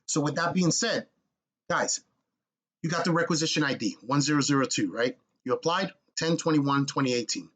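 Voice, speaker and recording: A young man giving blunt, energetic step-by-step advice as he walks viewers through an online job application. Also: fairly high pitch, moderate pace. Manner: blunt, energetic, coach-like, addresses viewers as guys. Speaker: military contracting advice vlogger. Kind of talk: casual screen-walkthrough tutorial.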